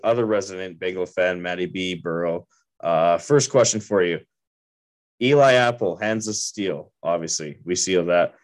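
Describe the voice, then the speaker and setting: A man hosting a casual sports podcast, joking crudely and asking rambling questions. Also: deep voice. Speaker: podcast host.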